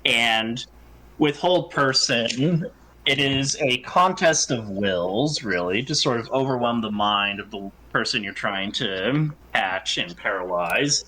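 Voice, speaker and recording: A man's voice: medium pitch, animated, takes it slowly, sharp tone, rough recording. A man acting as game master, narrating a tabletop game in a laid-back, hedging way.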